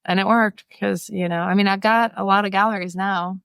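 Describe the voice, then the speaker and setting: A woman in her thirties telling stories as a photographer guest, chatty and animated, laughing often and acting out what people said. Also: medium pitch, brisk, vocal fry, clear, resonant tone, no echo. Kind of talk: casual storytelling interview.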